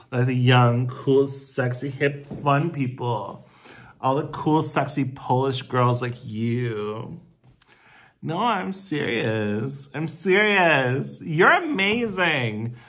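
A man performing a comedy sketch monologue to the camera, playing a supportive friend. He speaks slowly, drawing out the stressed phrases. He moves between soft coaxing and profane, indignant outbursts in a mid-pitched voice. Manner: gushing, emphatic and profane, with drawn-out stressed phrases. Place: home, where he lives in the city.

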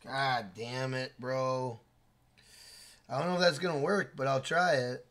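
A man live-streaming a video game, loud and casual, swearing often and scolding his son between comments to the chat. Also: medium pitch, fairly even intonation, a little slow. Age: adult with a school-age son.

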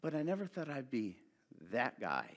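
A man giving a sermon as a guest pastor, telling the story with lots of energy, jumping from loud bursts to quiet asides and joking with the congregation. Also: mid-range voice, normal speed, long reverb tail. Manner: animated storytelling, swinging between loud bursts and hushed asides; jokey, talks straight to the congregation.

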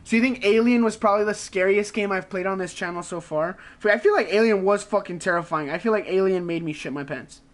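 Male gaming streamer, high-pitched, casual and profane, rambles and laughs while chatting with viewers. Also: fast, few pauses. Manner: rambling, swears a lot, laughs often, says "like" constantly.

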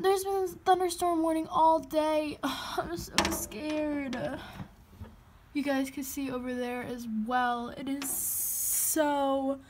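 A frightened teenage girl vlogging casually from home on a handheld phone, talking in a nervous, jittery way with breathy asides. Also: high voice, a little hiss or hum. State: frightened and shaking. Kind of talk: casual vlog. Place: indoors at home by a window.

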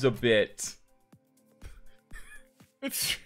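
A young man giving casual live commentary while playing a game online, rambling and self-mocking, with sudden excited outbursts. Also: fairly low pitch, takes it slowly, long pauses, faint music behind. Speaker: gaming streamer.

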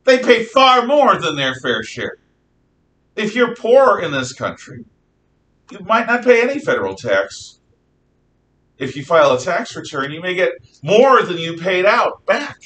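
Guy teaching history, lively opinionated lecture, far off mic, echoey classroom. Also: high voice. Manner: lively, opinionated, spells words out slowly. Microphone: distant room mic.

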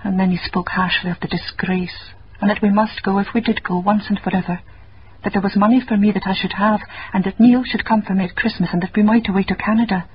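A woman's voice: mid-range voice, fairly even intonation, fast talker, a little hiss or hum, close to an everyday voice. Actress as an anxious young woman. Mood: earnest. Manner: anxious, earnest. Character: worried young Scottish woman, Christine. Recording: muffled old radio recording.

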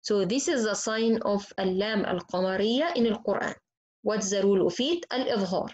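A woman teaching Quran recitation, slowly and patiently repeating each example word. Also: mid-range voice, darkish tone, highs cut off. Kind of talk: slow tajweed lesson with spoken examples.

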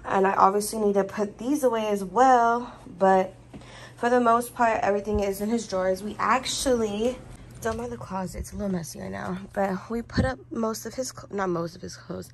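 A woman's voice: mid-range voice, moderate pace, low-quality recording. A young, heavily pregnant woman chats her way through a tour of her baby's corner at home. She gushes over small things, corrects herself often and sounds a little out of breath. Faint background noise sits under her voice. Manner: chatty, self-correcting, gushing. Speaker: vlogger. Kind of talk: casual room tour.

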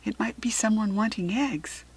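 A woman reading a storybook and voicing an earnest young farm girl, with a breathy, eager and questioning manner. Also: mid-range voice, normal speed, low-quality recording.

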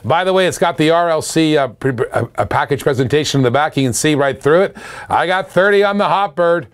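A man's voice: on the high side, animated, a little fast, smooth. A middle-aged man from Canada hosting a live auction stream, calling bids, laughing and chatting with viewers.

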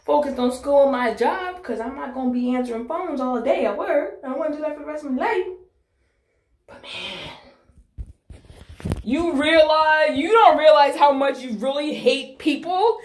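Lively high-voiced young woman vlogging. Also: moderate pace. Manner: chatty, swears freely. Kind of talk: casual chat to phone camera. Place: bathroom. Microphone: phone. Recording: echoey bathroom.

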